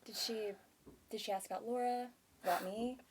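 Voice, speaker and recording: A woman's voice: on the high side, steady tone, moderate pace, slight background noise, lightly acted. An actress playing an earnest, guilt-ridden married mother who speaks hesitantly, in a stage scene. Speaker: actor in a scene.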